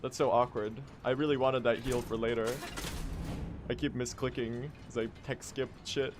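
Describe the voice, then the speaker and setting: A man's voice: mid-range voice, fairly even intonation, moderate pace, background noise. A young man speedrunning on a live stream, casually commentating, swearing and addressing his chat.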